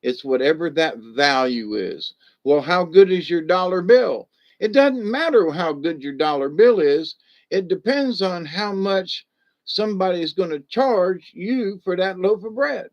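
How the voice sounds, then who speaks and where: Folksy high-voiced man rambling on a stream. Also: animated, measured pace, darkish tone, dull audio. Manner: folksy, loose, greets chat viewers by name. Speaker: livestream host. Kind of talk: rambling casual livestream talk.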